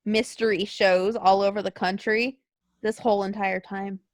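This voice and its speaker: A woman's voice: mid-range voice, level tone, normal speed, no echo. A woman co-hosting a podcast in casual chat, talking loosely with lots of fillers. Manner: chatty, lots of likes and ums. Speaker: podcast co-host. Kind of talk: casual chat about wrestling.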